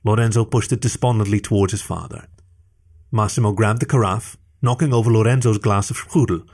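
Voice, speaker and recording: A man narrating a written story aloud in an expressive storytelling manner. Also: fairly low pitch, brisk, breathy edge. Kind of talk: scripted narration.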